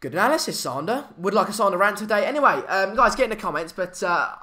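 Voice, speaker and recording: A man's voice: sits high, expressive, fast, sharp tone. A young man, hosting a casual live stream chat, hesitant with many fillers and restarts. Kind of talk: casual live match chat, reading comments.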